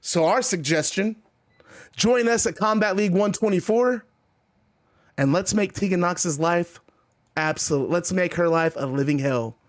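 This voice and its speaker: A man's voice: sits high, a little slow, pitched below the performer's own voice. Brief: man voicing a scheming female champion, smug backstage talk.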